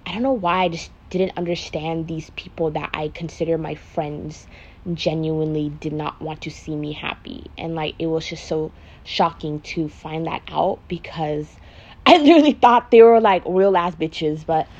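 On her makeup podcast, a young, pregnant vlogger talks openly and emotionally, dropping profanity and filling her speech with "like." She speaks low at a moderate pace in a darkish tone, and the audio sounds dull, in a casual confessional chat.

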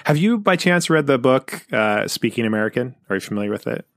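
A man's voice: medium pitch, big pitch swings, brisk, dry recording. A man from the Pacific Northwest hosting a podcast, easygoing and affable, who stammers a little at the start of his sentences. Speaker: podcast host. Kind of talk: casual interview chat.

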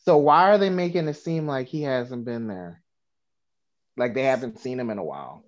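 A woman chatting casually on a podcast, jumping in with expressive questions. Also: rumbling low, normal speed, highs cut off. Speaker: podcast co-host. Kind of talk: casual chat.

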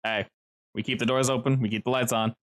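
A man's voice: mid-range voice, steady tone, fast, no echo, studio quality, lightly acted. A man voicing a busy young pizza cook who is offhand and evasive, in a tabletop game.

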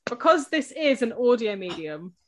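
A woman's voice: on the high side, very animated, normal speed, crowd noise. A young adult woman hosting a casual podcast, chatty and self-mocking, often restarting her sentences. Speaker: podcast host.

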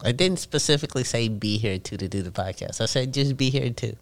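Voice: medium pitch, lively intonation, fast. A podcast co-host in casual banter, dry and skeptical, teasing the other host.

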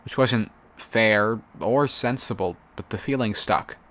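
Man reading a fan audiobook, low voice. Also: a little slow, a bit bright. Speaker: audiobook narrator.

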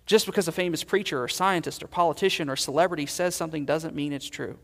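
A man preaching a sermon as pastor, earnest, swelling loud and then dropping to quiet emphasis. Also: a little high, fast, long reverb tail.

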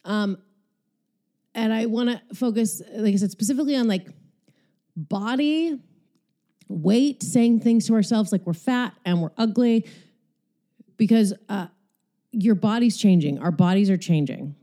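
A woman's voice: mid-range voice, measured pace, long pauses, dark tone. Breathless, profane woman talking casually. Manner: candid, profane, rambling. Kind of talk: casual monologue while exercising.

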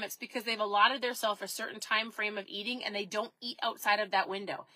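A woman's voice: mid-range voice, a little fast, hardly any pauses, bright, forceful tone, dry recording, low-quality recording. A woman in her thirties chatting casually to her viewers about diet, upbeat and full of questions for them. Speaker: keto lifestyle vlogger. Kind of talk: casual direct-to-camera talk.

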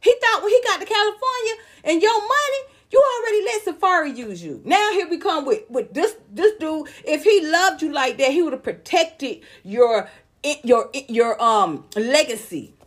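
Woman gossip vlogger, high voice, heated and outspoken, slangy, talks to viewers. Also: lively intonation, moderate pace. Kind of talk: celebrity gossip commentary.

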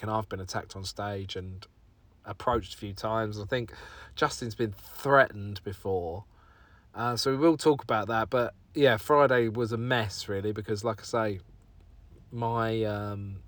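A man's voice: mid-range voice, fairly bright tone, no echo. A man hosting a podcast on his own, chatting in a rambling, self-deprecating way and swearing casually. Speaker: podcast host. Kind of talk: casual solo podcast chat.

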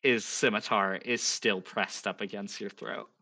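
A man's voice: lowish voice, steady tone, a little slow, pushed and bright. A man running a tabletop game as game master, describing combat and prompting players for rolls.

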